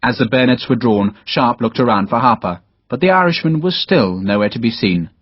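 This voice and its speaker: Guy reading an audiobook, husky, lively up and down, dull dry sound. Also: mid-range voice, normal speed, no echo. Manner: dramatic storytelling, voices all characters. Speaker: audiobook narrator. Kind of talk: scripted narration.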